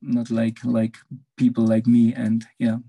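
Halting man with a gravelly voice. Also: medium pitch, monotone, dark tone. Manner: halting, searching for words, laughs between phrases. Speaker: devotee sharing a memory. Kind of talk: casual online satsang sharing. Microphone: video call.

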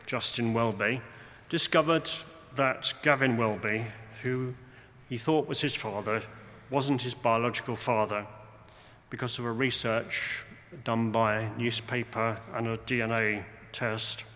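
A man preaching a sermon, measured and deliberate, slowing down for emphasis, with dry, wry asides. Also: medium pitch, steady tone, a bit bright. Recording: long hall reverb, faint room noise.

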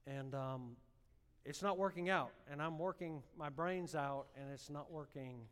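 A man preaching a sermon, telling a personal story with strong emotion and building to fervent, loud exhortation. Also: medium pitch, a little slow, clean tone, in a large hall. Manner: emotional storytelling, rising to impassioned shouting.

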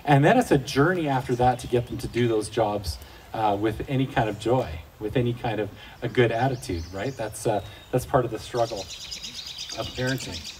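Speaking to fathers in a casual devotional talk, this middle-aged Christian man spins folksy, joking family-life stories. He has a medium-pitched, darkish voice at normal speed, and a distant mic catches faint outdoor noise.

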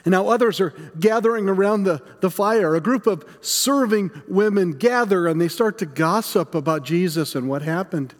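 A man playing the frightened, guilt-stricken apostle Peter in a dramatic first-person monologue, halting and stammering over his words. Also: sits high, long reverb tail, lightly acted. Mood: fearful.

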